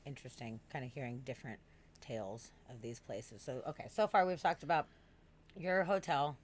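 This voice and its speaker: Low-voiced woman host, faint noise. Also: normal speed. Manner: enthusiastic, reacts with swearing. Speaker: podcast host. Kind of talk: casual chat.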